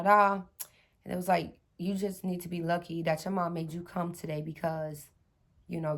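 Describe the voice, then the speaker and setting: A woman's voice: lowish voice, gravelly. A woman in her thirties telling a personal story to her viewers in a casual, chatty way, with many fillers and restarts.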